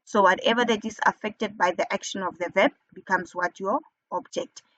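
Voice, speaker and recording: Deliberate woman teaching grammar. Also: mid-range voice, steady tone, fairly bright tone, no echo, dull audio. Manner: slow, deliberate, asks questions and answers them herself. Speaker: English teacher. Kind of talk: recorded grammar lesson.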